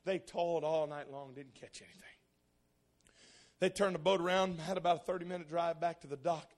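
A man preaching a sermon, telling a story and building into loud, impassioned preaching. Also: a little high, steady tone, a little fast.

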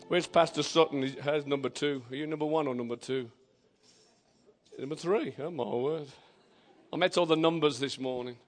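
An older man with an English accent, preaching a lively, joking sermon in a church. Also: fairly high pitch, normal speed, faint music behind. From England. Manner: exuberant, shouting praise, joking with the congregation. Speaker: visiting preacher.

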